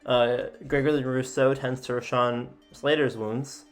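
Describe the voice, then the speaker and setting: A man's voice: medium pitch, steady tone, measured pace, faint music behind. A man casually reading out simulation events as a sports video host, with frequent filler sounds and offhand asides. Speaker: sports YouTuber.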